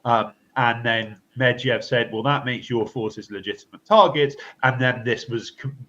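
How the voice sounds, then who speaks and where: Halting man with dull audio. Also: mid-range voice, bright, forceful tone. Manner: halting, many fillers and restarts. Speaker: co-host. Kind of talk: political commentary podcast.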